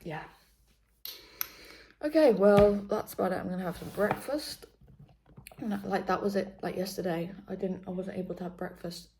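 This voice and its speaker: A woman's voice: medium pitch, normal speed, pauses often, background noise. A young British woman chatting casually to camera in a vlog, rambling and correcting herself, sometimes dropping to a whisper. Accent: British English. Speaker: vlogger.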